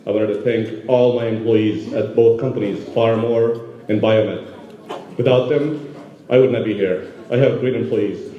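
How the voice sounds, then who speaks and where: A man from Yemen giving a halting, emotional award acceptance speech full of fillers at a gala. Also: lowish voice, steady tone. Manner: halting, many fillers, moved. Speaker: award recipient. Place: large banquet hall. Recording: roomy hall, dull sound.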